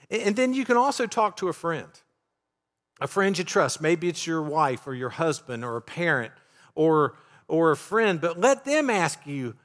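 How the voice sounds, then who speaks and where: A man's voice: high-pitched, expressive, normal speed, a bit bright. A man preaching a sermon as pastor, in a conversational tone full of rhetorical questions to his listeners. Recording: long hall reverb.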